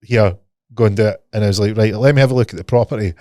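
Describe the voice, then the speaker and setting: A Scottish man co-hosts a podcast, spinning stories in casual chat, swearing freely and playing both sides of each conversation. He's an animated storyteller with a lowish voice who talks very fast, and the recording is dry with clean studio sound.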